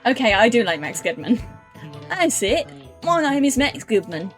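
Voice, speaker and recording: A woman voicing a self-important, forgetful male detective with a put-on deep gruff voice, over faint music. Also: sing-song, normal speed. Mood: pompous.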